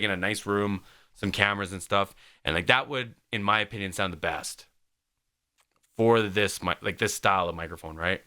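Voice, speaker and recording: A man's voice: mid-range voice, sharp tone, clear, resonant tone. A man hosting a music reaction video, talking casually and rambling, full of "like" and "man".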